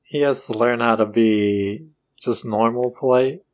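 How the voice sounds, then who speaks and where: A man's voice: medium pitch, measured pace. A man in an improvised comedy session, asking questions and reacting to the others' bits. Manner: asks questions, reacts to the bit.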